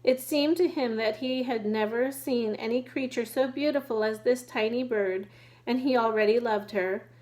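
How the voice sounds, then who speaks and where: Lady reading a kids book out loud, fairly high voice, steady, fixes a word here and there. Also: normal speed, rough recording. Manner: steady reading with occasional restarts over words. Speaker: reader. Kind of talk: reading a children's book aloud.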